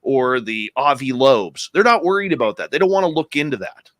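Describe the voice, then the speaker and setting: A man's voice: mid-range voice, brisk, no echo. A man from Canada, a radio host, telling a story in casual chat and quoting the people in it. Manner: animated storyteller, quotes people in his tales.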